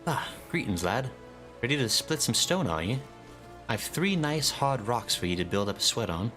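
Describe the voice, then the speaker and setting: A brisk, cheery axe teacher, put on by a man, with a raised, chipper voice. Faint game music plays underneath. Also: medium pitch, very animated, fairly bright tone, voice pushed up.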